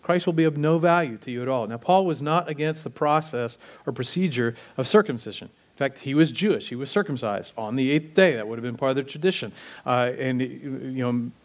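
A man preaching a sermon in a conversational, animated way, acting out quotes as he teaches. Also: mid-range voice, brisk. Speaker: pastor.

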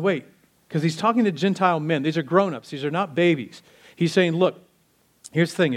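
Male pastor, casual animated sermon delivery, voice a bit high. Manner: animated, conversational preaching with acted-out quotes.

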